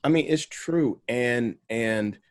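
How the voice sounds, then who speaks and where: A man who is a pastor, speaking in a measured, emphatic way in an earnest conversation and often repeating words. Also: medium pitch, dry recording, clean studio sound.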